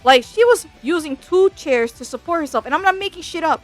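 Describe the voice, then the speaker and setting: A woman telling a storytime as a vtuber, profane, exasperated and animated. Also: very high-pitched, a little fast. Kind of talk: casual storytime rant. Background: faint background music.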